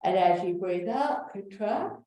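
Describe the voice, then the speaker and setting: A woman teaching a back-care class, calmly cueing slow breaths and sometimes dropping to a whisper. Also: medium pitch. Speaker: exercise class instructor. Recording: echoey room, voice from far off the mic.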